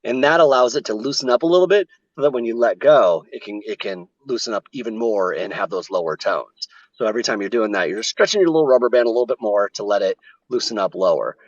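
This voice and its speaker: A man's voice: on the low side, expressive, fast talker, no echo. Male voice actor, explanatory interview talk, dull remote audio. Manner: explanatory, demonstrates vocal technique.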